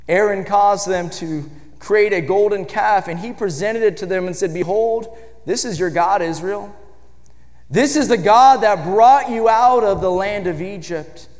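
A man preaching a sermon, moving from quiet, measured passages to shouted declarations. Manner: builds from low, measured speech to shouted emphasis. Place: church sanctuary. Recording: church hall with long reverb.

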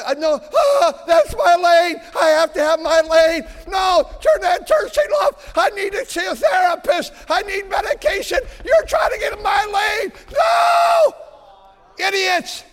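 A male preacher acting out a panicky, selfish driver who shouts that no one may enter his lane. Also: very high voice, pitched above the performer's own voice. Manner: shouting, panicky, self-absorbed. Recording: long church hall reverb.

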